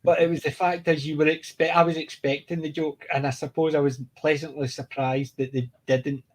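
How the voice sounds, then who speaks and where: A man's voice: fairly high pitch, little pitch movement, normal speed. A man chatting casually about a TV show, rambling and restarting his sentences. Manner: rambling, restarts often, laughs while retelling jokes. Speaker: podcast co-host. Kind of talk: casual TV discussion.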